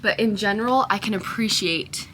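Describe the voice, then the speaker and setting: A young woman tells a story to her camera in a casual vlog. Her voice sits at a middle pitch, and she is animated and indignant as she acts out the back-and-forth. Faint ambient noise hangs behind her. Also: moderate pace. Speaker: vlogger.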